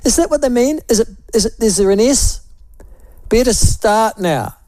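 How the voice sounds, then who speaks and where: A man's voice: very high voice, fast talker, mellow, dry recording. Wry New Zealand talk radio man. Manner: wry, musing aloud, repeats and toys with phrases. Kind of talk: opinionated talk radio commentary.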